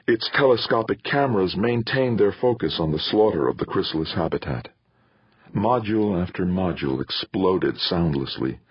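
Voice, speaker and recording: A man narrating a novel in a dramatic, lively reading style. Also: low-pitched, slightly rough, no echo. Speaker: audiobook narrator. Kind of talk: scripted narration of a sci-fi novel. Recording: slightly muffled.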